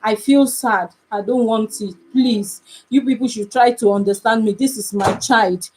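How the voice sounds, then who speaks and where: A woman's voice: on the high side, fairly even intonation, moderate pace, noisy background. Emphatic Nigerian woman live streaming. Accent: Nigerian English. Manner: emphatic and repetitive, pleading. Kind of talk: casual live stream chat.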